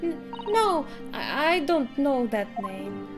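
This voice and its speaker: A woman's voice: on the high side, measured pace, natural voice. A woman reading aloud the lines of a frightened young runaway ballerina, a little hesitant, with game music behind. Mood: fearful.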